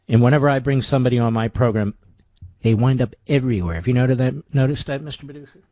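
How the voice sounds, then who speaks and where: Male radio talk host, mid-pitched, dry studio sound, sarcastic and combative monologue delivery. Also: a little mellow, no room sound. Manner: sarcastic, combative, fires rhetorical questions.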